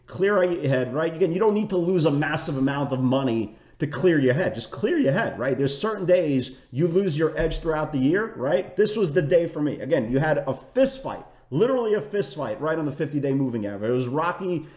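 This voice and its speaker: A man's voice: fairly high pitch, expressive, brisk, hardly any pauses, darkish tone, echoey room. A man giving a market recap as a trading educator, chatty and full of restarts, often tagging lines with "right?". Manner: chatty, repeats "right?" and "again"; self-correcting restarts.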